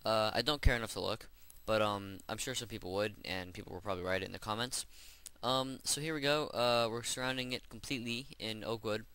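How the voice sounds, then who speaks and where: A man with a lowish, smooth voice and a sharp tone talks a little fast while hosting a Minecraft gameplay voice-over tutorial. He keeps things casual, rambling as he works through each building step.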